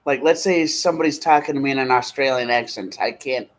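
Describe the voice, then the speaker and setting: Man, 30s, relaxed streamer host, loose chatty delivery, medium voice. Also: mid-range voice, poor audio. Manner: rambling, easygoing, slow when reading names aloud. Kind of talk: casual live-stream chat.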